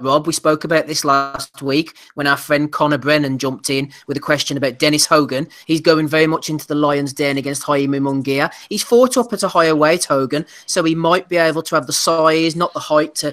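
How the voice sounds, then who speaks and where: A male podcast host who moves briskly through fight previews and ribs his co-host. His voice sits a touch higher than most men's. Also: fairly bright tone. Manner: brisk, teasing, reads chat messages. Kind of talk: live podcast boxing chat.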